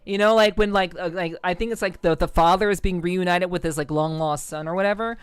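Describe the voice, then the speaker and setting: A woman's voice: on the low side, fairly even intonation, fairly quick, smooth, no echo. Rambling, swearing woman streamer. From New York City area. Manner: rambling, profane, full of ums and laughs. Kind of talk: casual livestream chat with viewers.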